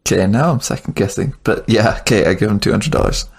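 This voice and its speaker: A man plays in a tabletop game, relaxed and joking between turns. His voice is low and gravelly. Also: fast talker. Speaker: player. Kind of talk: casual tabletop game chat.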